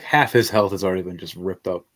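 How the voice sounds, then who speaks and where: Excitable young man running a tabletop game. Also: deep voice, quick pace. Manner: excitable, swearing, restarting often. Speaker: game master.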